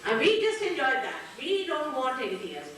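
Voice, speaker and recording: An older woman, giving a spiritual talk to an audience and telling lively stories with frequent laughs. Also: high voice, fairly quick. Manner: storytelling, lively, laughs often. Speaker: spiritual teacher. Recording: echoey hall, far from the mic.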